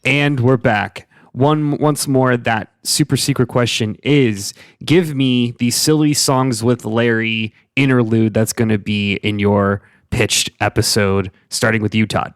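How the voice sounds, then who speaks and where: A man's voice: medium pitch, fairly even intonation, unhurried, smooth, no room sound. A man hosting a comedy podcast, setting questions and making dry, teasing quips. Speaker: host.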